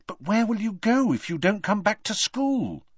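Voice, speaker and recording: A man voicing an earnest, worried teenage girl, raising his pitch and speaking softly. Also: big pitch swings, moderate pace, husky, no room sound, heavily acted. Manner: soft, pleading, raised pitch. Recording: slightly dull, dry audiobook recording.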